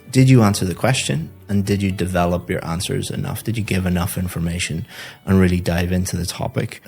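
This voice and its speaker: A man with a very low voice works through a student's speaking test point by point. He stays calm and methodical and often repeats a word while he finds the next one. Soft music plays underneath. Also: gravelly, husky. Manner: calm, methodical, repeats words when thinking. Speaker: IELTS teacher giving feedback. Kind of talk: speaking test feedback and course promo.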